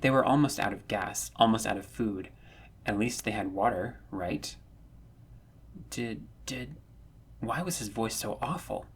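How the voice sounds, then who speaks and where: A man narrating a fan-written story, reading in a measured, earnest way that rises when the tension builds. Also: fairly low pitch, husky. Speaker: audiobook narrator.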